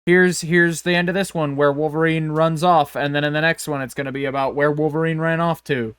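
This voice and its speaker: Podcast co-host, male, higher register, meandering and salty, with a dry close sound. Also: steady tone, a little fast, a bit bright, clear, resonant tone, no echo. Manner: rambling, profane, self-interrupting. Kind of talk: casual chat.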